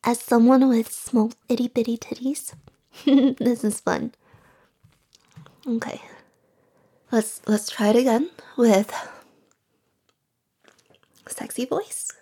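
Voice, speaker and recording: A woman chatting casually in a soft, whispery voice, giggly and rambling. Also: a little high, steady tone, takes it slowly, long pauses, husky.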